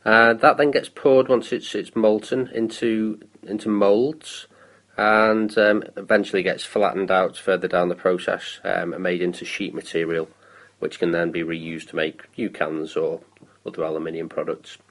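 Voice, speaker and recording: On a local radio show, a UK man in his thirties chats about council recycling, often restarting and saying um. He speaks at a normal speed in a low, level, slightly bright voice, and the recording is poor.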